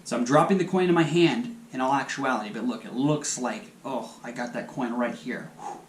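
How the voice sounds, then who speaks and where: A man's voice: medium pitch, brisk, slight background noise. A man hosting a magic channel, chatting casually and talking viewers step by step through hand moves. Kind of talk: casual video tutorial. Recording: echoey room.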